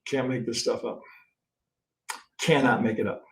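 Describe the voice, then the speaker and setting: A man teaching trading in a live-stream chart review, thinking aloud in a blunt, profane way and tagging his points with a quick "right?". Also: mid-range voice, steady tone, slight background noise. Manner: thinks aloud, counts waves, restarts often. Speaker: trading instructor.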